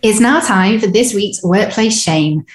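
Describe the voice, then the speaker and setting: A woman's voice: medium pitch, music in the background. A woman co-hosting a coaching podcast, upbeat and playful, who also reads out a listener's story. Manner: upbeat, playful, slips into quick voices for inner characters. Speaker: podcast co-host. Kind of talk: casual coaching chat and reading a listener story.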